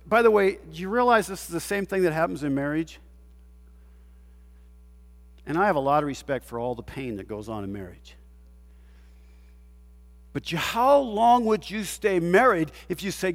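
High-voiced preaching man in a reverberant hall. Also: normal speed. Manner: emphatic preaching, rhetorical questions, swings from loud to hushed. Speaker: pastor. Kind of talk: sermon.

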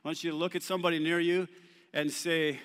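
This male pastor speaks fast in a fairly high, smooth, slightly bright voice with little pitch movement. He preaches in a church hall with a long hall reverb, trading questions and answers with the congregation.

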